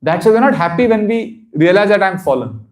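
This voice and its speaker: A man's voice: high voice, lively intonation, fairly quick. A man giving a devotional seminar talk, earnest and repetitive for emphasis, often breaking into laughter. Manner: repeats phrases for emphasis. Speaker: spiritual teacher.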